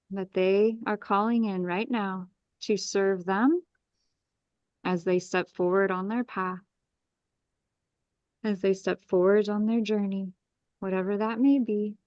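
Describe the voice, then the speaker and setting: A woman astrologer leading a live group energy-clearing meditation, with soothing, repetitive invocations and breathing cues. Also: mid-range voice, darkish tone, no room sound, dull audio.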